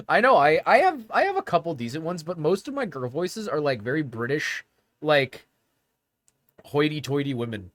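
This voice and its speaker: Animated young man chatting on stream. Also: fairly high pitch, moderate pace, no room sound. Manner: animated, rambling, laughs often. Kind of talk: casual stream chat.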